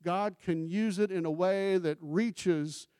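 A man's voice: high voice, slow pace, a little mellow, clear, resonant tone, no room sound, studio quality. Conversational male pastor preaching. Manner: conversational, asks the congregation questions; acts out scripture quotes with emphasis. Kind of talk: sermon.

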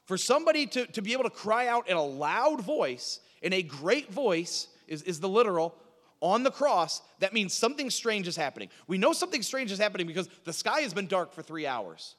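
Male preacher, high animated voice, teaching style with rhetorical questions, reverberant hall sound. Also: brisk. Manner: asks the audience questions and answers them, repeats words. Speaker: preacher teaching a Bible class. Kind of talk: sermon-style Bible teaching.

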